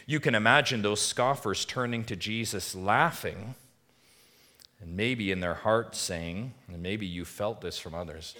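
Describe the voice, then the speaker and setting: Low-voiced pastor preaching with fervor. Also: male voice, a little slow. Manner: swings between hushed reflection and rising emphatic appeals; asks the congregation repeated rhetorical questions. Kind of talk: sermon.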